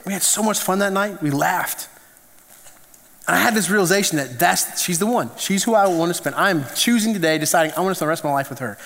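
A man preaching in a loose, storytelling way, repeating words as he builds his point. His voice sits high for a man. A long reverb from the hall trails each phrase. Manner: animated, conversational storytelling with restarts. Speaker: pastor. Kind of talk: sermon.

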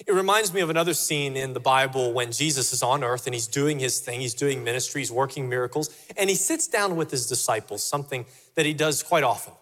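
A man's voice: mid-range voice, a little fast, hardly any pauses, a bit bright, long reverb tail. A male pastor preaching a sermon in a church, emphatic and repeating his key phrases for weight. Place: church sanctuary.

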